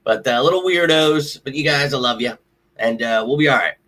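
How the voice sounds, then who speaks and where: A man's voice: mid-range voice, brisk, fairly bright tone. A man hosting a sports livestream, talking casually to his viewers, frustrated and ranting with some cursing. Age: adult with a child. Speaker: sports show host.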